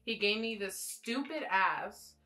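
A woman's voice: medium pitch, lively intonation, slow pace, pushed and bright, poor audio. A young adult woman chatting casually while doing her makeup, rambling and blunt with plenty of swearing. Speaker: beauty vlogger. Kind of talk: casual get-ready-with-me chat.

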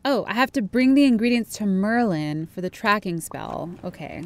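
A woman's voice: mid-range voice, expressive, normal speed. A woman in her thirties giving casual, chatty gameplay commentary, giggling and exclaiming at what she finds. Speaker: game streamer. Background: faint game music.

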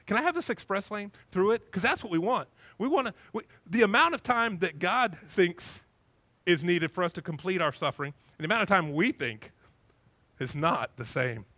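A male pastor delivers a lively sermon with a high, bright voice that swoops up and down as he acts out small scenes. The sound is close and dry, with little room echo. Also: normal speed. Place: church.

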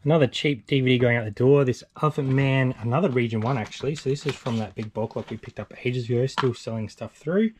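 A man's voice: medium pitch, fast, hardly any pauses, darkish tone, slight background noise. Australian man running through his sales. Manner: chatty, matter-of-fact listing of sales. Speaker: eBay reseller co-host. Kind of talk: casual vlog walkthrough.

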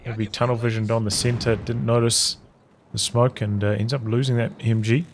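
A man giving calm, analytical play-by-play commentary on a strategy game match. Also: mid-range voice, a little fast, a little hiss or hum. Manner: calm, analytical, even-paced. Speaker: game caster. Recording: commentary over loud game sound. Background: gunfire, artillery and vehicles.

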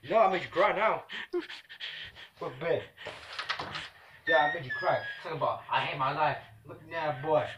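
Bullying sarcastic father, as a man puts him on, loud and scolding. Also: fairly high pitch, normal speed, long pauses, lo-fi sound, background noise, pitched above the performer's own voice, close to an everyday voice. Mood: mocking. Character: gruff mocking threatening father. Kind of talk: comedy sketch acting.

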